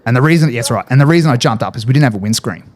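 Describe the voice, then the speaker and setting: An Australian man, a former paratrooper appearing as a podcast guest, tells a war story in casual conversation. His mid-range voice has lively intonation, and he talks fast, swearing freely and using lots of fillers.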